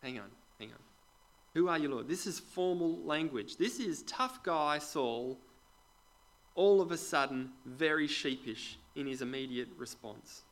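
A man preaching a sermon to a congregation in a conversational way, putting questions to the listeners and dropping into quiet asides. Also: on the high side, animated, measured pace, rough recording. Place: church with a congregation.

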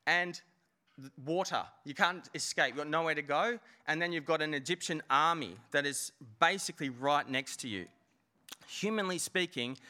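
A man giving a sermon with a bright, forceful tone and a somewhat high voice. He preaches in a relaxed, conversational way, often pausing to pose rhetorical questions. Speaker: pastor.

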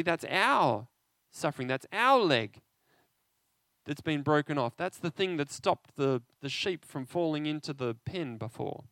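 A man preaching an interactive sermon, animated and conversational, often asking his listeners questions. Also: on the high side, no echo.

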